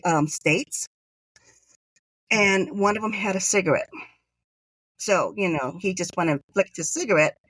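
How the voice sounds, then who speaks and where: A woman's voice: mid-range voice, a bit bright, no echo. A woman from Hawaii, a podcast guest, telling a story in a casual chat and acting out the lines of the people in it. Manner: chatty, acts out quoted dialogue.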